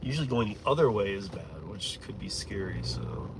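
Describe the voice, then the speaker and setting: Driving his car, a rideshare driver from Michigan talks loosely to his stream in a low, creaky voice at a moderate pace. He rambles, chuckles, and swears casually, with constant road noise from the car underneath.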